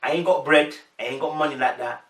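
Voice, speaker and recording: A man's voice: on the high side, quick pace, fairly bright tone, distant mic. A young man with a London accent giving casual, chatty commentary straight to his viewers, full of slang. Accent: London English. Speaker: reaction commentator. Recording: echoey room, voice a bit off-mic.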